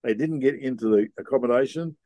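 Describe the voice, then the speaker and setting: A middle-aged man, telling a story in a relaxed, rambling way with slang, as a podcast guest. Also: mid-range voice, fast, no room sound. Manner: laid-back, rambling, with Aussie slang. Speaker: podcast guest, sea captain. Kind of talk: casual storytelling.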